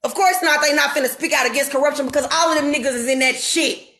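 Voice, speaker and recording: Woman, 30s, home vlogger: fired-up, profane rant with a high, sharp voice. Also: quick pace. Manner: heated, profane, emphatic. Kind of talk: unscripted rant to camera. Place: home kitchen.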